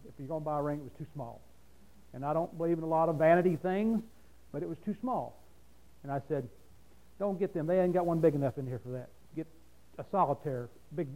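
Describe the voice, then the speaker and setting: A man's voice: sits high, mellow. A preacher giving a folksy, conversational sermon, often asking his listeners "See?". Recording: dull lo-fi sound.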